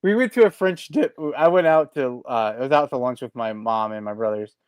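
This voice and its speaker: Rambling, animated podcast man. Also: mid-range voice, a little fast, clear, resonant tone, no echo. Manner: rambling, animated storytelling with frequent restarts. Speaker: podcast co-host. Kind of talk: casual chat.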